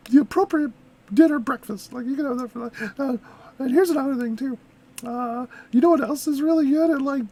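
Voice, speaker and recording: A woman's voice: sits high, dark tone, slightly rough. A woman hosting a reaction video, chatting casually in a rambling, giggly way with lots of fillers. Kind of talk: casual chat.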